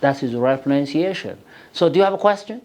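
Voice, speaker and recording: A man's voice: a little high, animated, rapid-fire, darkish tone. A man teaching an English grammar lesson in a classroom, quizzing his students and mixing English with Amharic.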